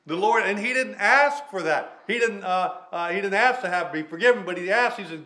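A man preaching a sermon, reading scripture aloud and then explaining it with plain talk, stressing key words slowly. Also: high-pitched, pushed and bright. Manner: reads scripture in King James wording, then preaches with fillers and restarts.

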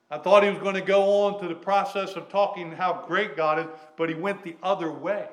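A man preaching a sermon in an earnest, halting way, with restarts and fillers, loud on key lines and dropping quiet at their ends. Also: sits high, poor audio. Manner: swings between loud emphatic lines and dropped, quiet endings.

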